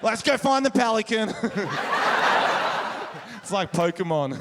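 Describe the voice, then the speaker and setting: Man, Australian accent, stand-up comic, crude banter, slow-paced, live crowd noise. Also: high voice, lively intonation. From Wollongong, Australia. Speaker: stand-up comedian. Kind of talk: stand-up comedy with crowd work. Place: comedy stage before a live audience. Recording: live show with audience noise.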